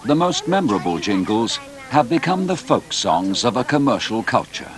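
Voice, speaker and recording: A man reading the scripted narration of a documentary in a measured, formal way. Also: medium pitch, sing-song, music in the background.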